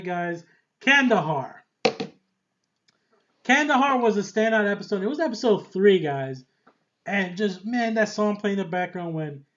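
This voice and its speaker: A man casually reviewing a TV series in a rambling, excitable way, often laughing and trailing off with fillers. The recording is dull and lo-fi. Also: sits high. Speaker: TV show reviewer.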